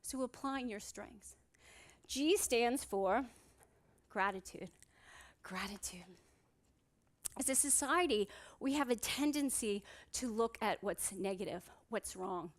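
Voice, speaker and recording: High-voiced woman giving a humorous motivational talk. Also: lively intonation, measured pace. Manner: humorous storytelling with rhetorical questions to the audience. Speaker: psychiatrist and motivational speaker. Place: conference stage before a live audience.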